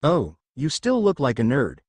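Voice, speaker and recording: A man's voice: mid-range voice, very animated, brisk, dry recording. A man reading as a sardonic British goth girl. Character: young adult British goth girl, bookish and teasing.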